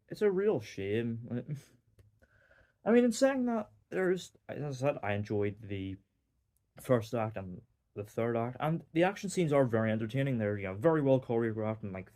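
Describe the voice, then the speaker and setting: Northern Irish man, mellow rambling review. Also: mid-range voice. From Northern Ireland. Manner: rambling, many "like" fillers, wry. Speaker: film reviewer. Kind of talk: casual spoken movie review.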